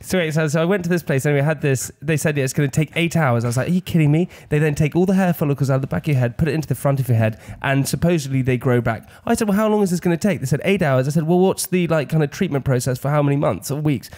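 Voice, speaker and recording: Fast-talking young English man, laughing. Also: on the high side, darkish tone. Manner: fast storytelling, laughing often. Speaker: podcast host. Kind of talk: casual chat.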